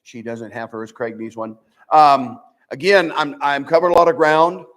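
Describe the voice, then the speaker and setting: A man's voice: mid-range voice, fairly even intonation, moderate pace, a bit bright. An older man preaching a midweek sermon in church, earnest and folksy, often restarting his sentences and quoting scripture. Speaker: pastor. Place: church sanctuary.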